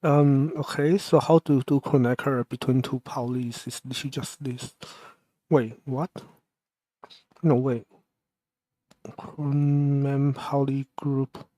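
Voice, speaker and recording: A man talks himself through his work on a live stream, mumbling and stopping to question himself. He speaks slowly, at a middling pitch. His voice is close and dry, with no room sound. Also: steady tone, warm tone, no echo. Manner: mumbling, halting and self-questioning. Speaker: livestreamer. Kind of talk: thinking aloud while programming.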